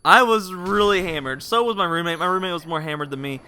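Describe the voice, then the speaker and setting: Bright, sharp-voiced young man rambling. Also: high voice, fast talker. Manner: chatty, rambling, laughs at himself. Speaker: vlogger. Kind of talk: casual storytelling.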